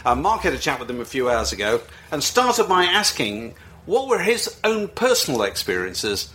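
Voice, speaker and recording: A man's voice: fairly high pitch, big pitch swings, moderate pace, bright, forceful tone. A male radio presenter chatting enthusiastically, with plenty of "you know" fillers. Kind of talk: casual chat.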